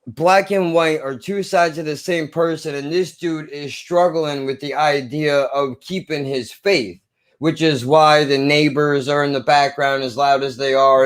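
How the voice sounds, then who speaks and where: A man talks through a film in casual conversation with a friend. He is earnest and impassioned, and he swears to drive his points home. His voice sits somewhat high for a man. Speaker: film review co-host.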